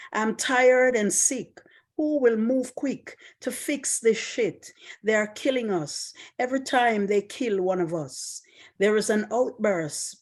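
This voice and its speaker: Woman poet, spoken-word reading on a video call, slow and grave. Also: mid-range voice, darkish tone. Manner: measured and grave. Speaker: poet reading her poem.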